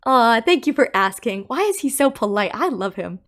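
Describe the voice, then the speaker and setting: Animated, opinionated woman YouTuber. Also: a little high, moderate pace. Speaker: game theory YouTuber. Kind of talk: casual video commentary.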